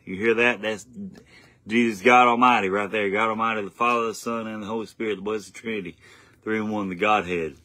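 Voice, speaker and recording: A young man preaching an informal home sermon, earnest and repetitive, often stumbling and restarting, rising louder when he reads scripture. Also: on the low side, steady tone, a little fast, no echo. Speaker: lay preacher.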